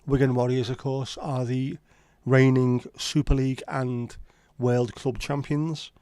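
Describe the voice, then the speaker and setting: A livestream host from Liverpool, England, chats casually in a Scouse accent while reading live comments. His mid-range voice is level, unhurried and mellow on a dry recording, and he answers viewers with blunt, sweary banter.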